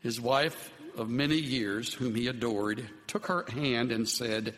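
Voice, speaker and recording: A man preaching a sermon as pastor, earnest in tone and often dropping to soft, low words for emphasis. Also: measured pace, hardly any pauses, a little hiss or hum. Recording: long hall reverb.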